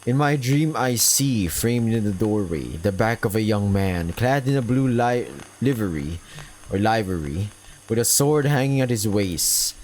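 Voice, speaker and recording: A man's voice: medium pitch, moderate pace, few pauses, a little mellow, slight background noise, poor audio. A man playing through a visual novel, reading the narration aloud expressively and laughing at his own slips. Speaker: visual novel let's player. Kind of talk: dramatic reading of game narration.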